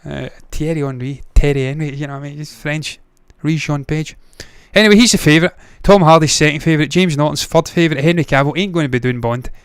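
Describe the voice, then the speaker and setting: A man's voice: on the high side, quick pace, hardly any pauses, smooth, no room sound, studio quality. A man hosting a movie news livestream, giving blunt, opinionated takes with frequent swearing. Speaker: movie news show host. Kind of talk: casual livestream commentary.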